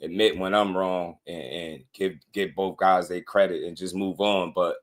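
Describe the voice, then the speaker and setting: Low-voiced man hosting a laughing boxing stream. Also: normal speed. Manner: laughing often, slangy and excitable. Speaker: boxing livestream host. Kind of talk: casual livestream chat.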